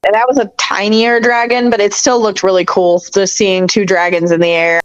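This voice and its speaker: Woman co-host, eager fan voice, mid-range pitch, slightly dull lo-fi recording. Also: little pitch movement, moderate pace, smooth. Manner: eager, opinionated fan talk. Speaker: podcast co-host. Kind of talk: casual TV review chat.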